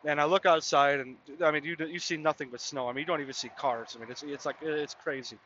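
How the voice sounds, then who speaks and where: A man's voice: fairly high pitch, steady tone, fast talker, fairly bright tone, muffled recording, slight background noise. A man in his mid-twenties hosting a podcast, telling a casual, rambling story full of "I mean" and "you know". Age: mid-20s. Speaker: podcast host.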